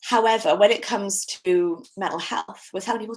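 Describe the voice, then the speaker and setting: A woman's voice: medium pitch, moderate pace. A young British woman giving a candid, chatty solo podcast talk, with frequent fillers and restarts. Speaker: podcast host.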